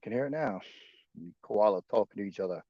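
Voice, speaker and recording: A man's voice: lowish voice, fairly quick, mellow, no room sound. A man streaming alone, chatting crudely and joking between laughs, on a slightly muffled, dry mic. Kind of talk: casual solo stream chat.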